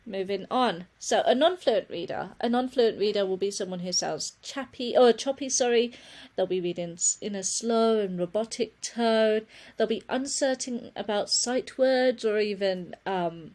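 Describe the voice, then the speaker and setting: A woman's voice: mid-range voice, moderate pace, darkish tone. Earnest woman teaching a webinar. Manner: earnest, self-correcting, apologizes for slips. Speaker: reading teacher giving a webinar. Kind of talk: webinar presentation.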